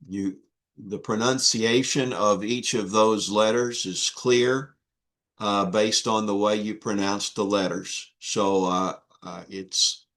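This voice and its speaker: Male instructor, unhurried and halting, drilling students on letters. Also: on the low side, fairly bright tone. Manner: slow, patient, with many fillers and restarts. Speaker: Greek instructor. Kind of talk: online class teaching.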